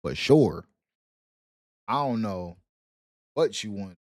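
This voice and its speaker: A man's voice: lowish voice, animated, takes it slowly, darkish tone, no echo, studio quality. A man, ranting casually about his football team, joking and laughing between slang-heavy jabs. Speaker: sports commentary vlogger. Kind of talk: casual sports rant.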